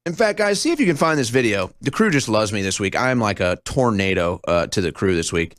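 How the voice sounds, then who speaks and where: A man's voice: on the low side, animated, a little fast, no room sound, clean studio sound. A young man hosting a talk show, delivering a sarcastic, scornful monologue that jumps between topics.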